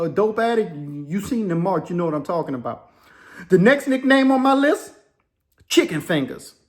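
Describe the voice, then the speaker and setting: A man, a former prisoner hosting his channel, telling stories in an animated, rambling way. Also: high voice. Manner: animated, rambling, many "you know"s. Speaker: YouTube host, former prisoner. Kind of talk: casual storytelling.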